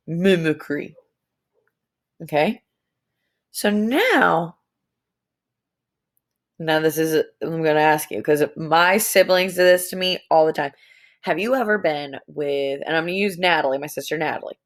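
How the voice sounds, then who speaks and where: A young adult woman teaching a lesson to young students, playful and animated, stretching words out. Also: sits low, unhurried, pauses often.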